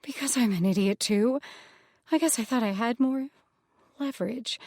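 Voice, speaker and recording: A woman narrator puts on a shameless young nymph who pleads in quick, self-reproaching bursts, pitched higher and pushed louder than the narration, with a gravelly edge under it. The recording is close and dry, an audiobook read. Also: dry recording. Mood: pleading. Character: Laoki, brash young female nymph, desperate and shameless. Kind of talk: audiobook character voice.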